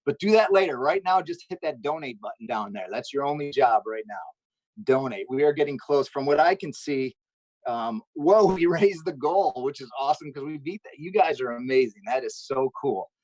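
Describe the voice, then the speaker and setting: A man doing an upbeat stand-up comedy set on a charity stream, telling jokey stories with quick asides. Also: mid-range voice, animated, a little mellow, no echo, poor audio.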